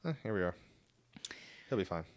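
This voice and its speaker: Brief: dry, teasing male podcast co-host, very low voice, dead-dry sound. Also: very animated, normal speed, no room sound. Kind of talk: casual chat. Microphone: podcast microphone.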